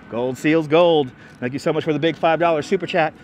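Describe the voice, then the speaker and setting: Chatty high-voiced man streaming outdoors. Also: expressive, moderate pace, few pauses, darkish tone, slight background noise. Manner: chatty, greets viewers, teasing. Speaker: live-stream host. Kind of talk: casual live-stream chat. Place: outdoors in an urban park.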